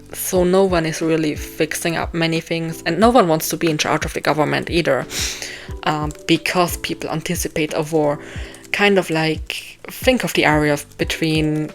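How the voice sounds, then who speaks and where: With faint music behind her, a young author talks through her novel as she writes it, in a deep voice with fairly even intonation and normal speed. She's rambling and self-deprecating, restarting often and saying um a lot, and her voice sounds tired.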